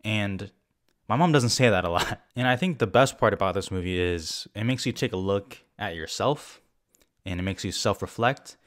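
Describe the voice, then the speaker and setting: A young man giving a casual, rambling film review. He is excitable and swears often. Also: fairly low pitch, normal speed. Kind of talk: casual spoken movie review.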